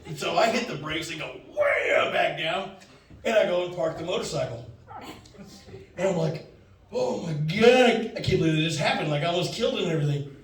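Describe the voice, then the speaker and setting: Rambling animated male stand-up comic. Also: a little high, a little fast. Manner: rambling, animated, acts out his friend's lines. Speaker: stand-up comedian. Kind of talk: stand-up storytelling. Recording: echoey room from far off.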